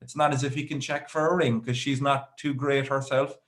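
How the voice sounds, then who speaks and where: Irish man, thirties, stand-up comedian, rambling stories, dry asides, mid-pitched voice. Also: flat delivery, a little fast, a bit bright.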